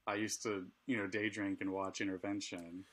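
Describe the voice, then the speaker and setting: A man's voice: deep voice, level tone, moderate pace, fairly bright tone. A middle-aged man co-hosting a casual chat, speaking candidly and laughing often. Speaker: podcast co-host.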